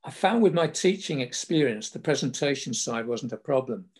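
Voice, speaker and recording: A man's voice: mid-range voice, animated, moderate pace, a little mellow, slightly rough. An older man with a southern English accent, telling stories from his working life in a chatty, anecdotal way with small laughs. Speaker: storyteller recalling his career. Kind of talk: casual spoken memoir.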